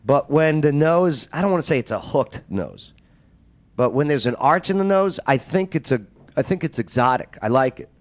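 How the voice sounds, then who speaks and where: A man's voice: a little high, moderate pace. A man hosting a casual talk show, joking and plugging the show. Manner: animated, joking, plugs the show. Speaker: show host.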